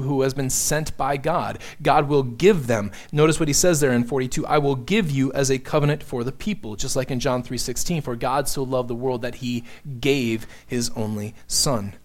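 A man preaching an expository sermon, teaching earnestly and building emphasis on key points. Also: medium pitch. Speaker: pastor.

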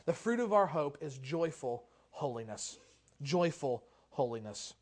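Man, pastor, sermon, high-pitched voice, impassioned preaching, swings loud and soft. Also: big pitch swings, a little slow.

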